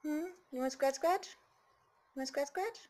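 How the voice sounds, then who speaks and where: A woman talking baby talk to her pet bird at home, cooing and sometimes dropping to soft whispers. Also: high-pitched, moderate pace.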